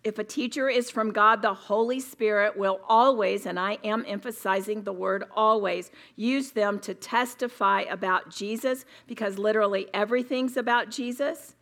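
A woman's voice: mid-range voice, fairly even intonation, normal speed, hardly any pauses, fairly bright tone. A woman speaking at a women's retreat, preaching emphatically and repeating words for stress. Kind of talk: sermon.

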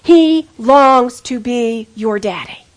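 A woman's voice: fairly high pitch, slow pace. A woman giving an earnest personal testimony sermon to women, storytelling intimately and pleading with the listeners. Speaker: women's speaker.

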